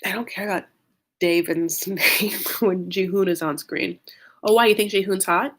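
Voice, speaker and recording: A woman's voice: medium pitch, fairly even intonation, normal speed. A woman hosting a casual livestream recap, chatting loosely, saying "like" a lot and answering viewer comments. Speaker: recap show host.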